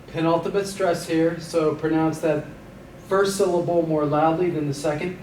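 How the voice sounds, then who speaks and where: A man with a slightly raised pitch teaches vocabulary at an unhurried pace, saying each word twice with patient pauses. The recording sounds roomy and a bit distant, with a faint hiss underneath. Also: steady tone, darkish tone. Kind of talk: vocabulary lesson with repeat-after-me drills. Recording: echoey room, voice a bit far from mic, faint hiss.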